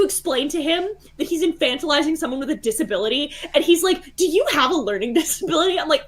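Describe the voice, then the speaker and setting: A woman's voice: high-pitched, animated, fast, few pauses. A woman on a voice call telling a story in a casual, heated way, swearing a lot and laughing as she goes. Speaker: guest caller.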